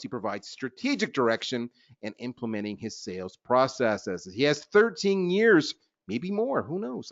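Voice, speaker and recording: A man hosting a business webinar in a lively, chatty, self-deprecating way. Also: on the high side, dry recording. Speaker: webinar host. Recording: dull lo-fi webinar audio.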